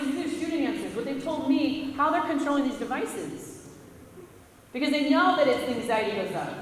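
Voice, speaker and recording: A high-voiced woman talks straight to a room of students and keeps asking them questions. She is picked up from a distance. The big hall leaves a long, ringing echo on her voice. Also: slight background noise. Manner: casual, direct, audience questions. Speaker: school presenter. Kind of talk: motivational talk to students. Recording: echoey hall from far off.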